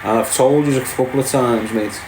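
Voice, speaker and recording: A man's voice: medium pitch, steady tone, fairly quick, roomy sound, noisy background. Scouse man doing blunt banter. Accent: Liverpool. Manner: blunt, banter-heavy, calls people lad. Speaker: livestream host. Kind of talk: casual chat reading live comments.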